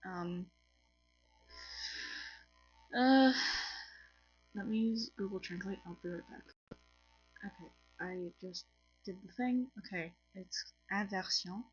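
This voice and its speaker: With a medium-pitched voice, a tired French-accented woman teaches casually to camera, unhurried and pausing often. She runs her own language channel and films in a home room with colored lights; she's chatty, apologetic, and prone to restarting sentences. The audio is dull, with faint music in the background.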